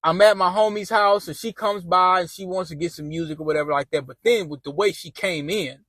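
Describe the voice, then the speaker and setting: A man's voice: high voice, a little fast, a bit bright, no room sound. A man telling a personal story in a rambling, laid-back way, acting out quotes with slang. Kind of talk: casual storytime narration.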